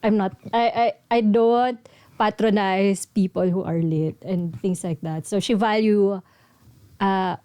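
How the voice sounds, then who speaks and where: A woman's voice: mid-range voice, fairly even intonation, measured pace, mellow, clean tone, no room sound. A woman co-hosting a podcast, telling a story in a rambling, casual way with many fillers. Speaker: podcast co-host.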